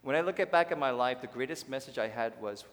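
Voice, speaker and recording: A pastor preaching a sermon to his congregation, swinging from hushed to loud and addressing the listeners directly. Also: mid-range voice, lively intonation, fast talker. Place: church sanctuary. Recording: long reverb of a large hall.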